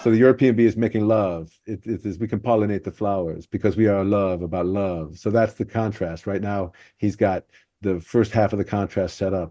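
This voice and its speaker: Mellow low-voiced male podcast host. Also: no echo. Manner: analytical, explaining joke structure. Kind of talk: podcast discussion.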